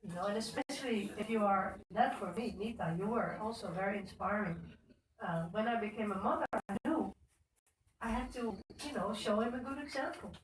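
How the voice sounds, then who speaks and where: A woman's voice: medium pitch, fairly quick. Middle-aged woman, chatty devotional talk, roomy echo, set back from the mic. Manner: conversational, addresses listeners by name. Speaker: speaker at a temple Sunday program. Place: temple hall. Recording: echoey room, speaker far from mic, faint noise.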